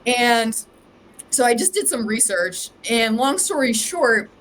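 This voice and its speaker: A woman's voice: on the high side, lively intonation, takes it slowly, fairly bright tone, slight background noise, rough recording. A woman from Ohio, a podcast guest and psychic medium, telling her story in a chatty, rambling way with lots of "like". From Ohio, USA. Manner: chatty, rambling, heavy use of "like". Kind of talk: casual storytelling chat.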